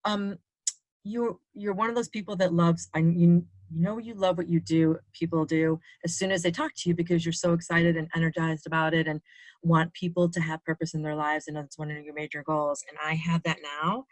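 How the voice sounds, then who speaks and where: A woman's voice: on the low side, steady tone, brisk, no echo. A woman hosting a podcast interview, talking earnestly and emotionally with many restarts. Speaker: podcast host. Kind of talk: casual interview.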